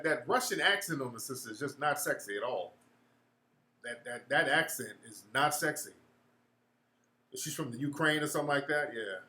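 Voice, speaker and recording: A man's voice: on the high side, pushed and bright, reverberant. A man hosting a casual livestream chat, answering viewers in a blunt, slangy, profane way.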